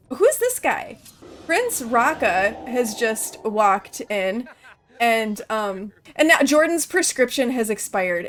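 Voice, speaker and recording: A woman's voice: fairly high pitch, fairly bright tone. A woman hosting a game video, chatting casually and explaining each step aloud as she plays. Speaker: gaming channel host. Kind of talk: let's-play commentary.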